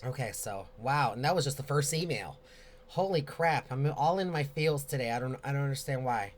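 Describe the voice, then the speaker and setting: A man hosting a casual live question-and-answer video, talking in a rambling, expressive, chatty way. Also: mid-range voice, fairly quick, slight background noise. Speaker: host answering viewer questions.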